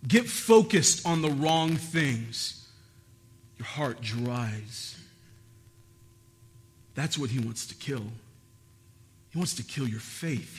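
A man preaching a sermon, asking his listeners questions and building to emphatic, repeated phrases. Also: a little high. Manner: asks the audience questions. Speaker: pastor.

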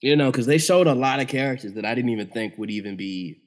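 A man's voice: medium pitch, quick pace. A man co-hosting a casual podcast chat, easygoing and slangy, turning enthusiastic as he talks. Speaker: podcast co-host.

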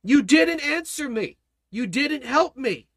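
A man voicing a frantic grieving dad crying out to God, voice pushed way up high and loud, words tumbling out, dry close sound. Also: lively intonation, no room sound, exaggerated voice. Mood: pleading. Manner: pleading, anguished, rushed. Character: desperate grieving father pleading with God.

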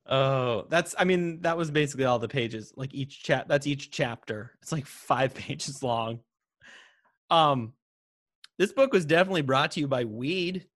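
A man's voice: medium pitch, a little slow, fairly bright tone. A man co-hosting a podcast in casual chat, laughing often and joking about himself. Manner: chatty, laughs often, self-deprecating. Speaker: podcast co-host.

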